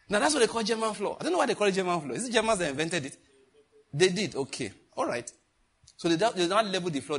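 A man's voice: on the high side, fairly bright tone, slightly rough. A middle-aged man, teaching a sermon in a conversational, joking way and asking the congregation questions. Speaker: pastor.

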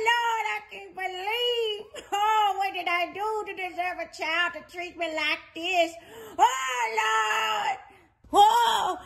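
A woman's voice: sits high, fairly bright tone, exaggerated voice. A woman playing a melodramatic, grudge-holding old grandmother who wails theatrically and lectures in a folksy, preachy manner. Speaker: grandmother Sweet Mama. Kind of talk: comedy sketch acting.

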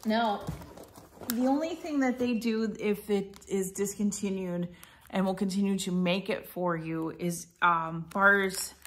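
A woman's voice: medium pitch, measured pace, a bit bright, a little hiss or hum. A middle-aged woman talks her way through an unboxing at home in an easy, rambling way. She trails off, fixes her own words and fills gaps with ums as she goes. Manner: chatty, meandering, many fillers and self-corrections. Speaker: vlogger reviewing a subscription box. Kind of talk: casual unboxing chat.

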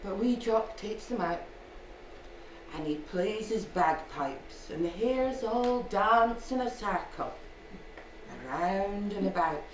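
Scottish woman storyteller, playful live telling; slow, lively pitch, distant roomy hall sound. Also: slight background noise. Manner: playful, with asides and laughter. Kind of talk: live folk tale telling. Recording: echoey hall from far off.

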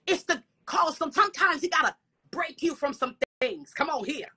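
A woman's voice: high voice, animated, normal speed, bright, forceful tone. A woman preaching a fervent sermon, punctuating her words with "come on" and "hallelujah" and dropping at times into whispered asides.

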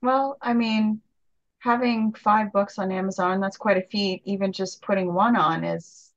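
A woman's voice: medium pitch, fairly even intonation, unhurried, muffled recording. A woman hosting an interview, asking supportive, encouraging questions. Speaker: interviewer host. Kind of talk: casual interview.

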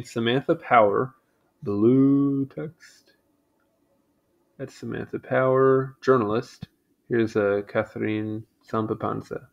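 A man's voice: mid-range voice, vocal fry, muffled recording. Casual man reading aloud. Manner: stumbles over names, chatty asides. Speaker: channel host reading aloud. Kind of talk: casual read-aloud with asides.

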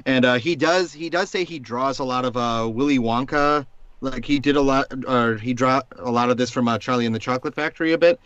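A man's voice: medium pitch, brisk, fairly bright tone, clean tone, dry recording, dull audio. A man in a casual panel chat, talking hesitantly with many fillers.

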